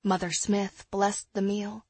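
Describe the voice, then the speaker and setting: A young woman narrates a first-person audiobook in a husky, measured voice. The close studio recording is dry, with no room sound at all. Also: mid-range voice, flat delivery, dark tone, no room sound.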